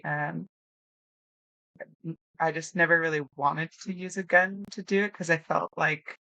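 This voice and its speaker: Bright-voiced woman telling a story. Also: sits low, measured pace, vocal fry, no echo. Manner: animated storyteller, acts out quotes, laughs often. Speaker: podcast guest, new hunter. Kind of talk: casual storytelling interview.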